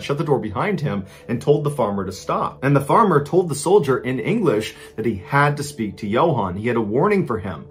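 A man narrating a true story in a casual, conversational way, repeating key points for emphasis. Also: medium pitch.

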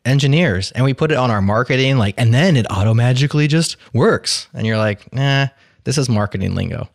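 A man's voice: mid-range voice, lively intonation, brisk, creaky, dry recording, clean studio sound. A man co-hosting a podcast in casual chat, wry and opinionated. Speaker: podcast co-host.

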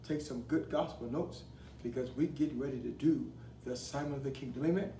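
A man preaching a broadcast sermon as an apostle, leading call-and-response and building to fervent, shouted declarations. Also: mid-range voice, a little fast. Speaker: apostle and pastor. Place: studio desk setting. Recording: roomy echo, distant mic, faint hiss.

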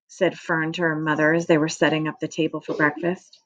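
A woman teacher reading a children's book aloud to her class in a clear, measured way. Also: low voice, level tone, a bit bright, dry recording, highs cut off.

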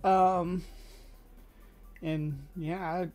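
A man co-hosting a podcast in casual chat, excitable and rambling, with lots of "like" and restarts as he reacts. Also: high voice, very slow, soft background music. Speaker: podcast co-host.

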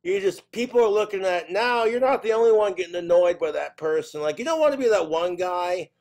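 A man performing a stand-up comedy routine, telling exasperated, profane stories and slipping in quick put-on voices. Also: sits high, lively intonation, a little mellow.

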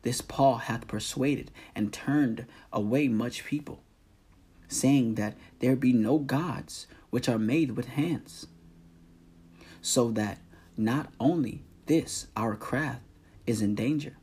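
A man reading the part of an angry silversmith rousing his fellow craftsmen, in a slow, deliberate scripture-reading manner. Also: mid-range voice, a little mellow, breathy edge. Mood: aggrieved.

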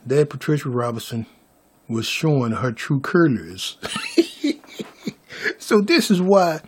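A man's voice: fairly high pitch, a little mellow, slightly rough. A man vlogging a story to his viewers, stammering through restarts and calling them y'all.

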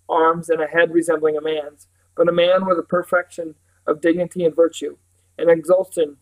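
A man reading a novel aloud in a steady voice, now and then correcting himself. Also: fairly high pitch, poor audio. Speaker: reader.

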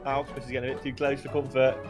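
A man's voice: medium pitch, flat delivery, rapid-fire, over loud music. A man chatting casually while playing a game, swearing, yelping and laughing. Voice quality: swears a lot, yelps and laughs. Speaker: gaming video co-host. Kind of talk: casual gameplay chat.

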